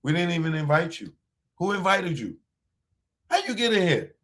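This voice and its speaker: A man hosting a livestream, taunting a viewer in chat with drawn-out mocking questions and laughter. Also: on the high side, big pitch swings, fairly bright tone. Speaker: livestream host.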